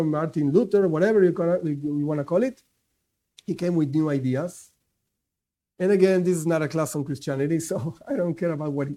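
A man's voice: on the high side, dark tone. A man giving an informal religious lecture, emphatic and conversational, repeating his key points and answering imagined objections. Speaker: teacher giving a class.

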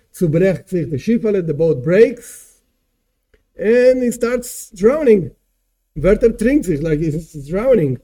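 A male teacher with a very mellow, dark tone and a slightly raised pitch. He talks slowly, working through a song one phrase at a time and restarting now and then as he searches for words. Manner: slow, translates phrase by phrase with small restarts. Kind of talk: explaining a song line by line.

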